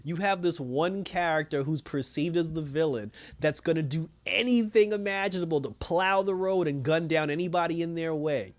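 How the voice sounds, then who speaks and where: A man talks through a TV episode in a loose, excitable ramble, full of "you know" and "like". His voice sits a little high for a man. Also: moderate pace, few pauses. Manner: rambling, excitable, many fillers, laughs often. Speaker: show reviewer. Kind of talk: casual recap and commentary.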